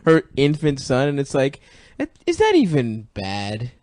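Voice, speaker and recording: Young man, podcast co-host, constant laughter, lively pitch, dry close sound. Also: unhurried, no room sound. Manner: laughs constantly, provocative and crude. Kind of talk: casual podcast chat.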